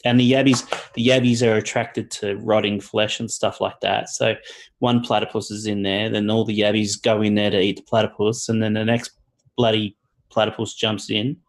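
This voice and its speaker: A man with an Australian accent in a casual online chat, swearing often and pausing with fillers. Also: on the low side, little pitch movement, poor audio. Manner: swears a lot, halting with fillers. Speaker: guest.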